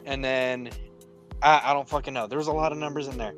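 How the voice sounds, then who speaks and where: A man's voice: mid-range voice, steady tone, fast, soft background music. A young man co-hosting a podcast, telling a story in a rambling, casual way and swearing often. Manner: rambling, swearing, quoting others. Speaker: podcast co-host.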